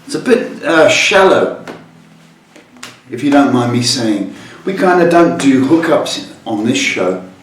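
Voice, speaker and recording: Brief: male psychic host, unhurried and cheeky, mic a way off in an echoing room with music under. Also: medium pitch, expressive, slight background noise. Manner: cheeky, teasing banter. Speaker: psychic tarot reader, host. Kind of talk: live call-in reading show. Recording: roomy echo, far from mic, music behind.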